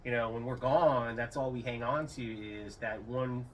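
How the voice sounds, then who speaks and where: In a casual interview, a middle-aged man who retired from the Air Force spins rambling stories, lifting his voice to animatedly quote people. He speaks at a moderate pace in a mid-range voice, recorded on a slightly distant mic with faint background room sound.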